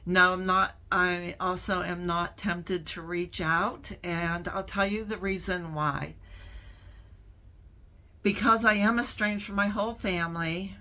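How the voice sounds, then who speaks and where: A middle-aged woman hosting her own channel, answering viewer questions in a casual talk to camera, speaking in a slow, reflective way with frequent pauses. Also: on the low side, sharp tone. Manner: slow, deliberate and reflective, pausing often between phrases.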